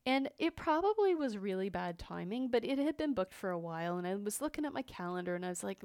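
A woman in her fifties speaks candidly and reflectively, often restarting her sentences and leaning on fillers. Her voice sits at a middle pitch and is recorded close and dry, with no room sound. She tells a personal story as a podcast host. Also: big pitch swings, quick pace, few pauses, darkish tone, smooth, no room sound. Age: 50s.

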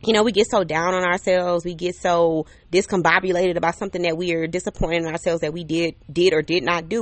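Sitting under an umbrella on a patio, with a neighbor's air conditioner audible, this podcast host delivers a casual solo monologue. Her fairly low voice holds a steady tone, she speaks briskly with hardly any pauses, and there's no echo. Cheerful and chatty, she keeps checking in with listeners, often saying "okay?" and "right?".

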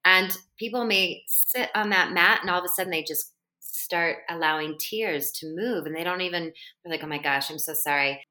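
Bright-voiced woman, earnest coach. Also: on the low side, moderate pace. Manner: earnest, flowing, spiritual wording. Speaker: podcast guest, embodiment coach. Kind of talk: casual interview chat.

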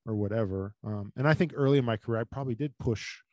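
A man hosting a podcast, a physical therapist who talks in an animated, chatty way with rising emphasis. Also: medium pitch, fast, no room sound, studio quality. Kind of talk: casual podcast interview.

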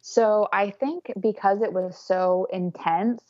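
A woman's voice: medium pitch, fairly even intonation, takes it slowly, mellow, no echo, muffled recording. A young woman casually telling a candid story, often laughing as she talks. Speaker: guest telling her birth story. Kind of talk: casual conversation.

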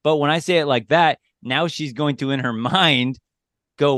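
A man's voice: a little high, moderate pace, a bit bright, no echo, clean studio sound. A man co-hosting a podcast who chats about dating, laughing often and restarting his sentences. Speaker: podcast co-host. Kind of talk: casual podcast chat.

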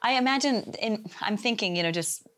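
A woman hosting an interview, asking curious, reflective questions in a relaxed conversational tone. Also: mid-range voice, brisk. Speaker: podcast host.

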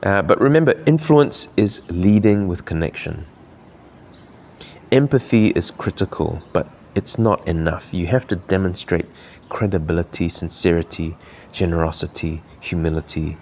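A man's voice: deep voice, moderate pace, a little mellow, slight background noise. A man from Malaysia hosting a podcast, giving earnest, encouraging coaching talk while thinking aloud. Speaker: podcast host.

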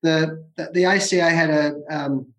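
A man's voice: fairly high pitch, steady tone, normal speed. A middle-aged Australian man telling stories as an interview guest, emphatic and given to repeating phrases for effect. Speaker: guest, former cricketer. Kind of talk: conversational storytelling. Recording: roomy echo.

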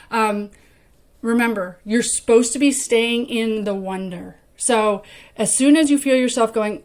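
A woman with a slightly high voice gives a relaxed training lesson to mentors. She talks in an easy, chatty way and slips into little acted-out phrases to show what to say. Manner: conversational, acts out example phrases. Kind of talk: casual instructional talk.

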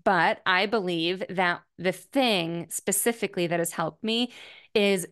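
A woman in her thirties hosts a personal podcast and talks alone in a reflective monologue. She sounds candid and thoughtful and pauses to find her words. "Like" comes up often as she talks. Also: fairly low pitch, a bit bright, clear, resonant tone. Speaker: podcast host.

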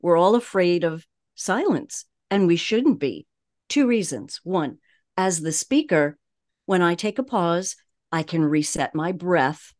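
A woman with a Long Island accent speaks in a fairly low voice as a voice coach on a podcast. She talks at a measured cadence and leans on deliberate pauses. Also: animated, a little mellow. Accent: Long Island New York. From Long Island, New York. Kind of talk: podcast interview.

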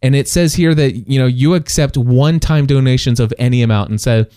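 Storytelling man with a mellow voice. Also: mid-range voice, fairly quick, smooth, no room sound, clean studio sound. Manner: animated storytelling with many restarts and laughs. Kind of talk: casual testimony chat.

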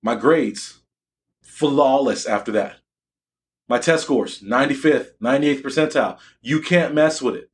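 With a mid-range voice and a measured pace, a young adult motivational speaker talks to students. He comes across as boastful and emphatic, often quizzing his listeners.

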